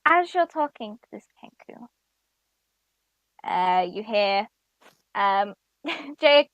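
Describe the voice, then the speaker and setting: A woman's voice: medium pitch, lively intonation, slow, rough recording. A young woman narrating as dungeon master, hesitant and full of fillers. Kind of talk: narrating a tabletop game.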